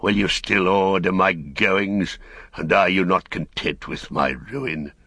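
A man voicing a bitter, fallen old wizard who talks slowly and mockingly, in an audiobook reading. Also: low voice, pushed and bright, husky, no echo, studio quality, full character voice. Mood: scornful. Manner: slow, sneering, mocking.

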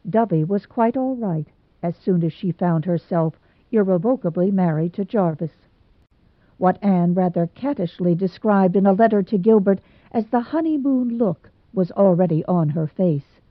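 A woman narrating a novel in an even, measured reading voice. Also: lowish voice, dry recording. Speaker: audiobook reader. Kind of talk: scripted narration. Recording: dry tinny phone-like sound.

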